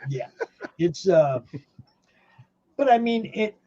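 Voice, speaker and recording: A man's voice: sits high, lively intonation, takes it slowly, mellow, muffled recording. A man hosting a podcast from home in rambling casual chat, laughing often. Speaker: podcast host.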